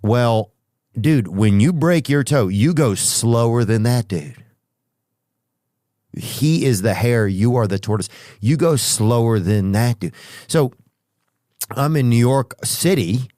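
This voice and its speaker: A man's voice: mid-range voice, animated, slow, pauses often, warm tone, no echo, studio quality. A man hosting a podcast, telling comic stories in a rambling way with restarts and asides. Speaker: podcast host. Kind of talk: comedic storytelling monologue.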